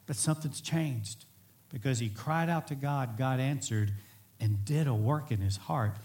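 A man preaching a sermon in an earnest, emphatic way, sometimes swelling to near-shouts. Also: medium pitch, measured pace. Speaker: pastor.

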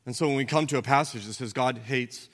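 A man preaching a sermon as pastor, earnest and direct, asking the listeners questions and swinging between loud emphasis and quiet, low delivery. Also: brisk. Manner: earnest preaching with rhetorical questions, rising and dropping in force. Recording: long hall reverb.

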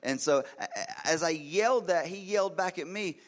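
A man in his thirties preaching a sermon in church, telling a story with lively swings from hushed lines to loud, emphatic ones. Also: fairly high pitch, normal speed. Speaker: pastor.

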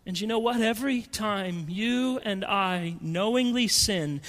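A man preaching a sermon in a dramatic, emphatic way, swinging between loud and hushed. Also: high voice, unhurried, in a large hall.

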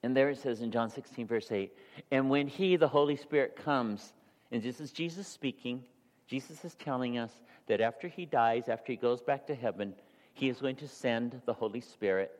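A male pastor delivering a sermon, ranging from hushed, near-whispered passages to loud, rising exhortation. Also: mid-range voice, normal speed. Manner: shifts from soft, near-whispered confession to loud, rising preaching. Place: church sanctuary. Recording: long hall reverb in a church.

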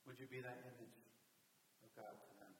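A man's voice: medium pitch, steady tone, a little fast, fairly bright tone, recorded from a distance. Man preaching in a roomy hall. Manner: earnest, builds to emphatic retelling with acted quotes. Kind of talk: sermon. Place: church hall. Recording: roomy hall from afar with faint hiss.

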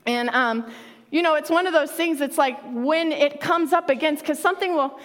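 A woman's voice: high voice, moderate pace, fairly bright tone, in a large hall. A woman pastor preaching a sermon in a conversational way, laughing often and acting out quotes.

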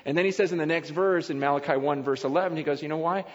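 Male pastor, slightly high voice, preaching emphatically in a casual tone; recording is muffled. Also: fast talker. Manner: conversational, emphatic preaching with repeats. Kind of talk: sermon. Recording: dull lo-fi recording in a long-reverb hall.

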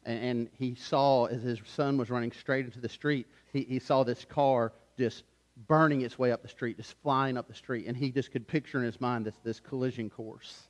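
A man preaching a sermon as pastor, swinging from loud urgency to hushed softness and telling stories in a conversational way with frequent restarts. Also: medium pitch, steady tone, moderate pace. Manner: conversational storytelling with repeated restarts.

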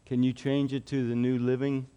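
A man's voice: medium pitch, little pitch movement, normal speed, mellow, clear, resonant tone, in a large hall. A male pastor giving a children's sermon in a church, explaining things simply and earnestly and asking the children questions.

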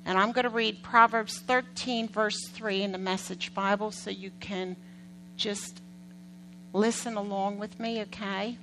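A middle-aged woman preaching a sermon in a conversational style, telling animated stories, acting out quotes and putting questions to the congregation. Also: mid-range voice, unhurried, slight background noise, low-quality recording. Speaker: pastor.

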